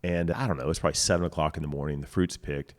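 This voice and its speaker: A man's voice: very deep voice, steady tone, very fast. A middle-aged man, a winery co-owner, telling stories with enthusiasm in casual conversation, recorded outdoors. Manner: enthusiastic storyteller, acts out dialogue. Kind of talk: casual storytelling. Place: outdoors in a vineyard.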